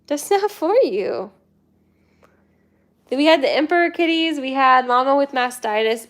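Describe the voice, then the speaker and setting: A young woman hosting a casual livestream, chatting and reading viewer comments in a rambling way while talking to her cats. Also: on the high side. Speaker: kitten rescue livestream host.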